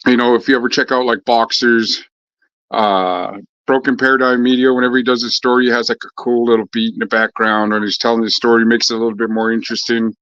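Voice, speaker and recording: A man's voice: medium pitch, little pitch movement, quick pace, fairly bright tone, no echo. Man, casual vlog chat, rambling, swears a lot, lots of fillers, dry close sound, slightly muffled. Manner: loose and chatty, swears freely, many fillers and restarts. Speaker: vlogger chatting with viewers.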